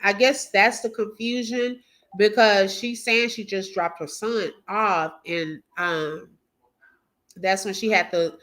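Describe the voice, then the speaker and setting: A woman's voice: mid-range voice, fairly even intonation, takes it slowly, fairly bright tone. A woman hosting a reaction stream, giving indignant, emphatic commentary to her viewers. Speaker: commentary channel host.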